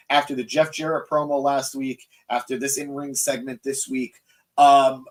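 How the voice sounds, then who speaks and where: A young man hosting a live wrestling review podcast. He reads out viewer comments and answers them in a joking, excitable, self-mocking way, with frequent fillers. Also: a little high. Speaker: podcast host.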